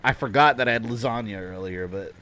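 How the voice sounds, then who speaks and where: This game streamer has a lowish, sharp voice and a brisk delivery. Sitting at his home desk mid-livestream, he rambles on and cracks jokes about himself.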